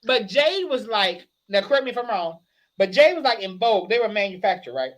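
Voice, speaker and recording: Guest spot: a chatty man, bright and forceful voice, lively storytelling, a bit tipsy. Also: high-pitched, a little fast. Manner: animated storyteller, laughs a lot, hoarse shouts when excited. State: a little tipsy. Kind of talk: casual chat.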